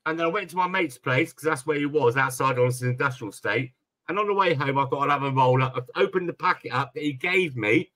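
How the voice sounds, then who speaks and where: A man's voice: fairly high pitch, quick pace, bright, forceful tone. A British man hosting a live stream chat, telling stories animatedly and swearing freely. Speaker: streamer host.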